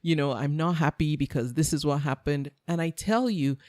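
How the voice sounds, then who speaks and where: Brief: low-pitched woman host, chatty, dry close sound. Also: normal speed, a little mellow, dry recording. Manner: chatty, restarts her sentences often. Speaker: podcast host. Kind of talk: casual interview chat.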